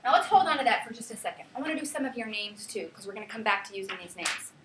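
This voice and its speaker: A woman teaching a class, leading students with lively, sing-song calls. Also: medium pitch, very fast, heavy background noise. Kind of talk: classroom lesson. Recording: echoey classroom from far off.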